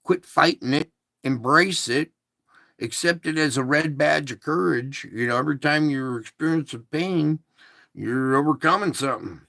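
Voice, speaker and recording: Slow-talking gravelly guy preaching at his online audience, dry close sound. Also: on the high side, sharp tone, no echo. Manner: emphatic, repeats points, rhetorical questions. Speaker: host of an online show. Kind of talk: casual preachy monologue. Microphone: phone or laptop.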